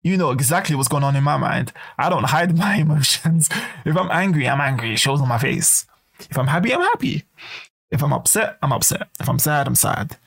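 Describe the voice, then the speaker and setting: A man talking in a casual, swearing rant, animated and acting out quoted voices. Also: medium pitch, a little fast, gravelly, husky. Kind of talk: casual monologue to camera.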